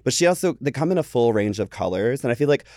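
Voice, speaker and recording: A man's voice: medium pitch, lively intonation, quick pace, darkish tone, dry recording, clean studio sound. A young man, a drag performer, chatting as a guest and telling stories with lots of swearing and acted-out quotes. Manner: chatty storyteller, swears freely, acts out quotes. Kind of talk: casual chat.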